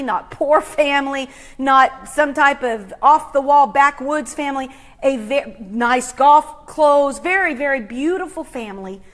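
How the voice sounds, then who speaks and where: A middle-aged woman hosting a motivational talk, telling a story with dramatic swings from hushed to loud. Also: sits high. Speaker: host.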